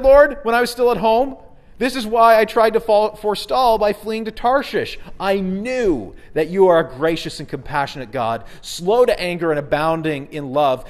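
A man preaching a sermon, acting out quoted voices with big swings in delivery. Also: fairly high pitch. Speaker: pastor.

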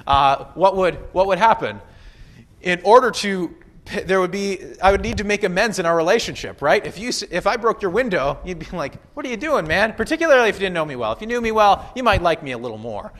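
A man's voice: high-pitched, lively intonation, fairly quick, fairly bright tone. A man preaching a conversational sermon, walking through a Bible passage with casual asides and playful quoted voices. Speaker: pastor.

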